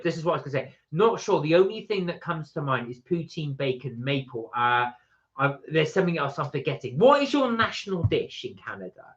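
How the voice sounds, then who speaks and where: A man's voice: fairly high pitch, fairly bright tone. Chatty man on a lo-fi live stream. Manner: chatty, rambling, self-correcting. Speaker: co-host of a live chat stream. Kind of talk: casual live-stream chat, reading out comments. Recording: dull lo-fi live-stream audio.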